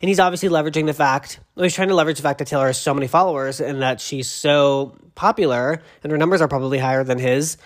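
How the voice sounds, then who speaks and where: A podcast host who talks fast and rambles through celebrity gossip in a loose, casual way. The delivery turns excitable, with "literally" dropped into nearly every sentence. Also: mid-range voice.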